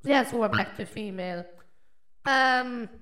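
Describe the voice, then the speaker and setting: A man's voice: a little slow, sharp tone, heavily acted. An Irish man using a voice changer to sound like a woman, teasing and amused. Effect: voice changer, pitched up to female.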